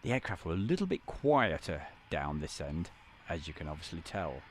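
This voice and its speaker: A man's voice: low voice, sing-song, normal speed, a little hiss or hum. A man hosting a live stream from an editing van, chatting and greeting viewers by name. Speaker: livestream host.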